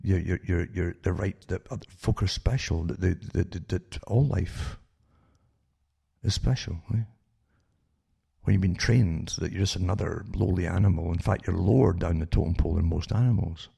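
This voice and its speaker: A man's voice: sits low, moderate pace, gravelly, mellow, slightly rough. An older man hosting a talk radio show, rambling with many restarts and sarcastic asides that end in "eh?".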